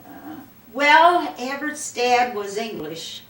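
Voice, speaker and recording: A woman's voice: fairly high pitch, big pitch swings, slow, fairly bright tone. Older woman recalling a story. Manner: rambling, repeats "I said" and "she said" often. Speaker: interviewee. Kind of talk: casual storytelling. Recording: roomy and distant with faint background noise.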